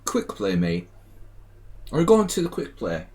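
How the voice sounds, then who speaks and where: A man's voice: fairly low pitch, wildly swooping pitch, unhurried, darkish tone. A man doing a jokey, exaggerated put-on British bloke voice. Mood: hammy. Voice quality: exaggerated, hammy put-on accent. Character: jokey mock British bloke, cheery and hammy.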